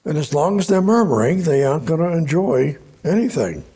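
Very animated and fairly quick, a man preaches in a slightly high, warm voice with a breathy edge. He reads scripture aloud in a sermon or Bible study, keeping it conversational and repetitive.

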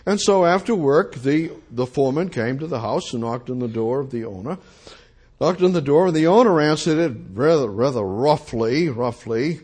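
Emphatic, husky preacher man. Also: medium pitch, animated, normal speed, a little mellow. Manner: emphatic, repeats phrases, reads old scripture aloud. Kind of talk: sermon.

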